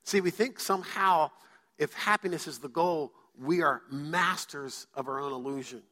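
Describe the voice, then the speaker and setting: Pastor guy preaching, fairly high bright voice, big church hall echo. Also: moderate pace. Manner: storytelling with quoted voices. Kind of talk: sermon. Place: church sanctuary.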